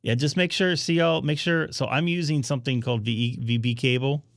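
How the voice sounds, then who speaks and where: A man hosting a casual live stream about amateur radio, chatting to viewers while he troubleshoots his setup out loud. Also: medium pitch, steady tone, fairly quick, no echo, clean studio sound.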